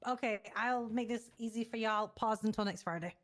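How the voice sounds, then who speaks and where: A woman speaking briskly and decisively as a temporary sheriff in a roleplay meeting. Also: fairly high pitch. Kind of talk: casual roleplay chat.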